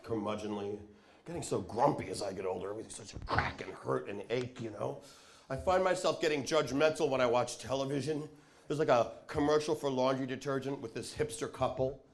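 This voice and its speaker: A man from Long Island doing a stand-up comedy set on a club stage, sardonic and animated as he tells stories. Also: mid-range voice, slight background noise. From Long Island, New York. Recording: live club crowd laughing.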